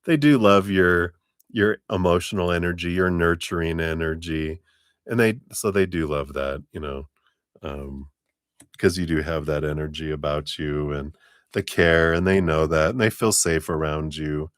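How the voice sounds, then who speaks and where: A man with a very low voice gives a relaxed, chatty live tarot reading. He laughs often and slips into playful quoted voices. The sound is dry and close. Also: normal speed, smooth, dry recording. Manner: chatty, laughs often, speaks warmly to viewers. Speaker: tarot reader.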